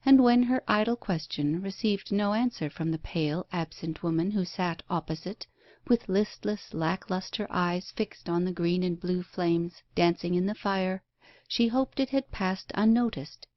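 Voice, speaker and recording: A woman narrating a Victorian ghost story audiobook in a measured, even reading. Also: on the low side, no room sound, muffled recording. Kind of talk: scripted narration.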